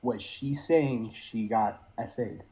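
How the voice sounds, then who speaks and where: A man's voice: medium pitch, slow pace, mellow, slightly rough. A man calling into a live stream debate, distracted and apologetic, swearing casually as he talks. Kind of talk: casual argumentative chat. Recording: dull lo-fi call audio.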